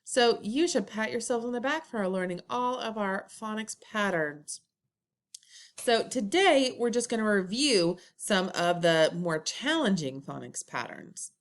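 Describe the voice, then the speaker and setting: A woman teaching a first grade phonics lesson online, in slow, drawn-out, sing-song teacher talk. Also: medium pitch, animated. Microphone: computer recording.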